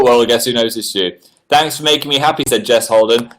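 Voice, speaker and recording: A man hosts a relaxed livestream from indoors, reading viewers' messages aloud and answering each one. His voice sits at an ordinary middle pitch. His delivery is chatty and animated, and it leaps upward when something surprises him. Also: moderate pace. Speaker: livestream host. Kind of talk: casual livestream chat reading viewer comments. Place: indoors at home.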